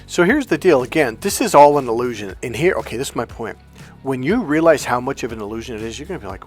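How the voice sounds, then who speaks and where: A man's voice: medium pitch, animated, fairly quick, faint music behind. A man giving a motivational vlog monologue as a coach, blunt, profane and emphatic. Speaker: relationship coach.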